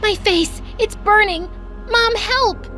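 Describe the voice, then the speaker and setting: Melodramatic vain teen girl, voiced by a woman; very high, lively, over music. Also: normal speed. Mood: panicked. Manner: shrill, melodramatic. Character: vain, dramatic teenage girl twin.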